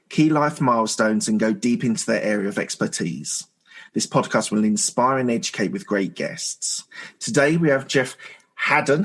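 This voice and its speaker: Male podcast host, husky, mid-pitched, halting question style. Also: fairly bright tone. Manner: halting, hedges with fillers as he sets up questions. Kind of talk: interview questions.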